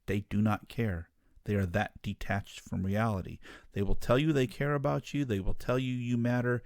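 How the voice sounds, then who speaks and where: A man's voice: lowish voice, fairly even intonation, normal speed, vocal fry, a little mellow, dry recording, studio quality. A man hosting a ministry talk show, giving an earnest, emphatic monologue straight to his listeners. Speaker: ministry podcast host. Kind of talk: impassioned monologue.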